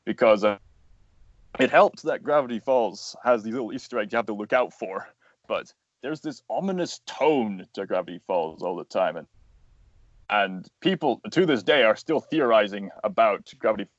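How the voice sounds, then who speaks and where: A man's voice: on the low side, lively intonation, moderate pace, no room sound, dull audio. A man, a voice actor and animator, talking as a guest in a casual interview, explaining earnestly at length with plenty of fillers.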